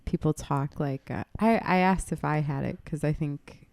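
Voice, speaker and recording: A woman co-hosting a podcast, chatting casually in a slow, wry drawl. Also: low-pitched, gravelly, a little mellow. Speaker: podcast co-host. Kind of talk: casual chat.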